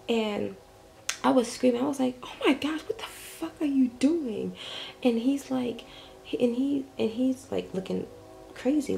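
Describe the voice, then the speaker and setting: A woman's voice: a little high, creaky, dark tone, a little hiss or hum, low-quality recording. A young woman telling a story in a casual vlog, rambling with lots of fillers and the odd curse. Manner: rambling, filler-heavy retelling with lots of "like" and swearing. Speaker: vlogger. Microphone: camera mic.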